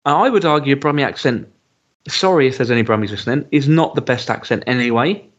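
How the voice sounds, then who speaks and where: A man talks through a TV episode in a loose, chatty way, filling pauses with ums and starting sentences over. His voice sits at an ordinary middle pitch. The podcast audio is a little dull and lo-fi. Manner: chatty, hesitant with frequent ums and restarts. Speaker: podcast co-host. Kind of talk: casual chat reviewing a TV episode.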